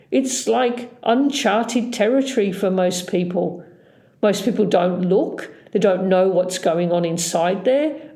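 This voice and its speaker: Aussie lady dentist lecturing, warm low-key tone, slow and firm, stresses the big words. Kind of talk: health explainer.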